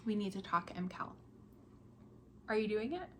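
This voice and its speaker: Young female podcast host, mid-pitched, chatty and self-deprecating, with a touch of noise in the recording. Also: expressive, moderate pace, fairly bright tone. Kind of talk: casual chat about knitting projects.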